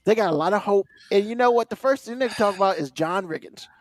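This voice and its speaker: A man's voice: sits high, fast talker, dry recording, clean studio sound. A man co-hosting a casual sports podcast, ranting animatedly and swearing freely. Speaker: podcast co-host.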